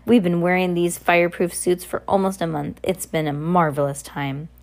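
A woman reading aloud and voicing a gleeful, boastful female arsonist villain with a deep, purring voice. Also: level tone, normal speed, darkish tone, lightly acted.

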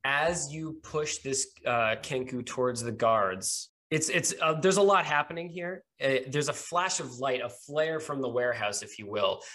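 A man narrating as game master in a tabletop game podcast, relaxed and hesitant, laughing often. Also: mid-range voice, normal speed, hardly any pauses.

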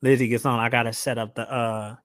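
A man's voice: medium pitch, flat delivery, brisk, fairly bright tone, no room sound, clean studio sound. A man hosting a podcast in casual, conversational chat. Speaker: podcast host.

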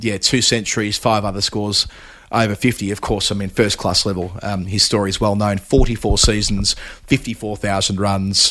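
A man's voice: lowish voice, a bit bright. A man hosting a casual podcast, reading out stats and stories with light humour. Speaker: podcast host. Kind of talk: casual chat.

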